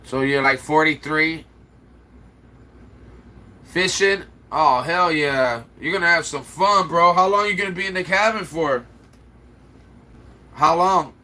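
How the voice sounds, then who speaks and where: A man's voice: a little high, slow pace, long pauses, bright, forceful tone. A man with a slight Chicago accent, rambling and answering viewer comments aloud in a casual livestream chat. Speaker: livestream host.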